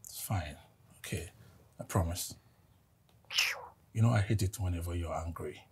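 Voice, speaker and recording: An actor playing a meek young man with a Nigerian accent, speaking softly and apologetically to his girlfriend. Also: low-pitched, moderate pace, husky, exaggerated voice. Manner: soft, apologetic, pleading.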